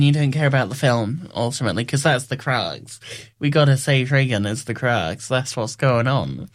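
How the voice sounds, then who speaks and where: A man giving a casual spoken film review, rambling and wry, often correcting himself mid-sentence. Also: mid-range voice.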